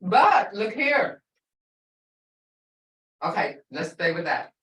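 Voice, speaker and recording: An older woman teaching a language class in a relaxed way, slowly repeating words to show their tones. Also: lowish voice, echoey room, recorded from a distance. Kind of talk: informal language lesson.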